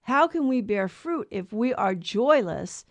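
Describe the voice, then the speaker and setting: A woman's voice: on the high side, expressive, measured pace, dry recording. Earnest woman co-host telling a faith lesson. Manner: earnest storyteller who acts out quoted voices. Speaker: co-host of a Catholic talk show. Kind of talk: conversational faith teaching.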